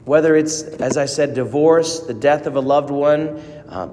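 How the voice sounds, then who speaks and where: A man's voice: fairly high pitch, warm tone. Earnest male preacher in a reverberant church. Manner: earnest preaching with dramatic pauses and rising emphasis. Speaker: priest. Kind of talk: sermon. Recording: long reverb of a large hall.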